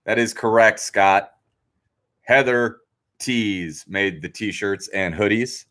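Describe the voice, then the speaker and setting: A man with a fairly low voice hosts a trivia stream from home. He rambles easily through small talk, loose and friendly. His delivery is unhurried. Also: a bit bright. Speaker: trivia host. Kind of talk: casual livestream chat.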